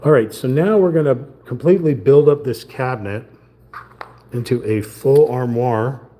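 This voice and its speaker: On a casual live stream, a man cracks jokes and mutters to himself while putting a model together. He speaks at a moderate pace in a mellow, medium-pitched voice.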